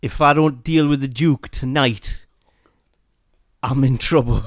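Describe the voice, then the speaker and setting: Slow, halting man playing a tabletop game. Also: medium pitch. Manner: hesitant, laughing, halting. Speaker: player.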